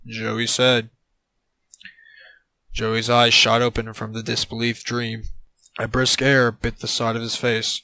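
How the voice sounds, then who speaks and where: A man narrating an absurd comedic story in a deadpan way on a close mic. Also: medium pitch, slow pace, gravelly, long pauses, no room sound, rough recording.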